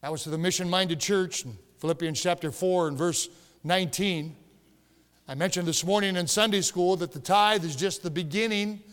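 High-voiced preacher in a reverberant church. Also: male voice, normal speed, clear, resonant tone. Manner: storytelling, emphatic, rising to shouts. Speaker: pastor. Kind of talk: sermon. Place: church sanctuary. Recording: long reverb of a church hall.

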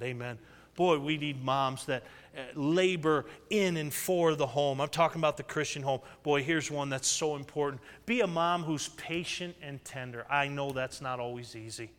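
A man's voice: mid-range voice, a bit bright. A pastor in his thirties preaching a sermon, calling out for amens from the congregation. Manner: call-and-response preaching with frequent amens. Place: church sanctuary. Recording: echoey hall reverb.

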